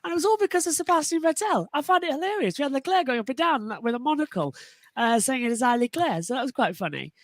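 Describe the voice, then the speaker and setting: A woman's voice: sits high, lively intonation, fast, dry recording. A woman on a motorsport panel talking enthusiastically and animatedly, often restarting her sentences. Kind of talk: casual panel discussion.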